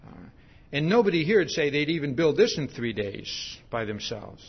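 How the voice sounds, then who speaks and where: A man preaching a sermon, slow and emphatic, tagging his points with "see?". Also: fairly high pitch, sing-song, vocal fry, slightly rough, dull audio.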